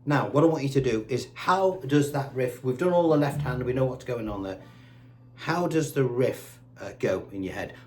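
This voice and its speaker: A man's voice: medium pitch, animated, normal speed, darkish tone. A man giving a patient, step-by-step guitar lesson and counting the beats aloud. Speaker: guitar teacher. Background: his own guitar playing.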